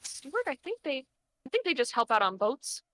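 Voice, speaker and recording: An Australian woman chatting casually on a game stream, excitable and self-mocking. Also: sits high, fairly quick, dry recording. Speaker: guest co-player.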